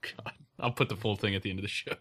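A man's voice: lowish voice, fairly even intonation, quick pace, heavy background noise. A man hosting a podcast, bantering casually, often laughing and incredulous. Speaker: podcast host.

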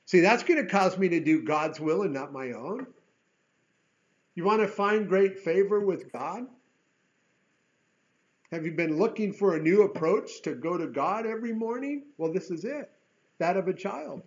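A man's voice: high-pitched, expressive, normal speed, long pauses, dull audio. A man preaching a sermon, earnest, repeating words and rising into emphatic bursts. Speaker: pastor.

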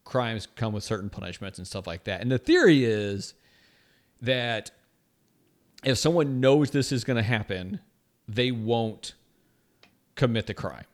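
A young man co-hosting a casual podcast, talking in a rambling, animated way with lots of restarts and "right?" tags. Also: mid-range voice, measured pace, long pauses. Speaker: podcast co-host. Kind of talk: casual chat.

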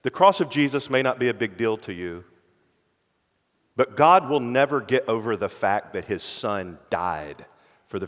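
A male pastor preaching a sermon with earnest conviction, often dropping to a hushed tone for emphasis. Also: lowish voice, long reverb tail.

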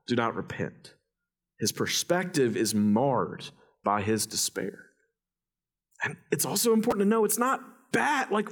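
A man preaching a sermon in church, reading scripture and explaining it, jumping up high when he quotes people. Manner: lively, animated, rises high when quoting voices. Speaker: pastor.

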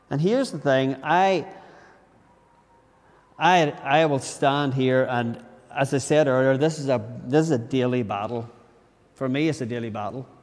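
A man's voice: medium pitch, a little mellow, long reverb tail. A man preaching a sermon in a church, talking earnestly and conversationally, often restarting his sentences. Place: church during a service.

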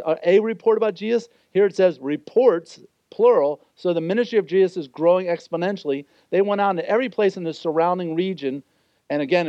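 A man's voice: high voice, a little mellow, no room sound, dull audio. A man preaching a sermon as pastor, explaining scripture in an earnest way and briefly acting out the voices he quotes.

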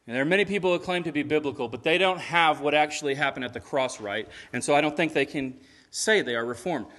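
A man's voice: fairly high pitch, pushed and bright. A male pastor reading scripture and preaching a sermon at a church service, earnest and building his points with rhetorical questions.

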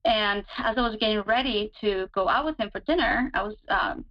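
A woman telling a relationship story in a casual, chatty way, full of fillers, whose pitch jumps up when she relives tense moments. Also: expressive, normal speed. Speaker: guest describing her relationship. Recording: slightly dull lo-fi audio.

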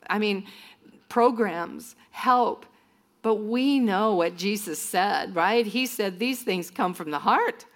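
A woman's voice: medium pitch, animated, takes it slowly. A woman minister telling stories in a sermon-style talk to a church group, often acting out what other people said. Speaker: minister speaking to students.

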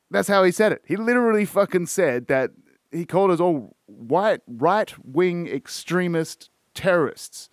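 A man's voice: high-pitched, lively intonation, a little slow, no echo, clean studio sound. An Australian man hosting a podcast, ranting in casual chat with constant swearing and repeated words. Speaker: podcast host.

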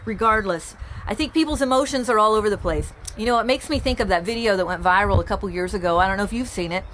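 A woman pastor giving a conversational sermon, telling stories in an animated way to a remote congregation. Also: medium pitch, quick pace, slight background noise. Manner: warm conversational preaching, animated storytelling. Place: church, recorded outside usual sanctuary.

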